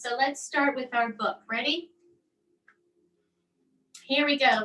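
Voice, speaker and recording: A woman in her thirties leads a calm children's yoga lesson at home. Her voice sits high and bright, and she coaxes the kids through each pose at an unhurried pace. She sounds a little distant from the microphone. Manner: soft, coaxing, slow instructions. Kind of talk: gentle kids' yoga lesson and read-aloud.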